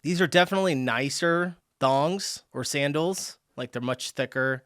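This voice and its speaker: A man's voice: a little high, normal speed, a bit bright, no room sound, clean studio sound, faint music behind. A man hosting a reaction video, chatting casually, laughing often and thinking aloud.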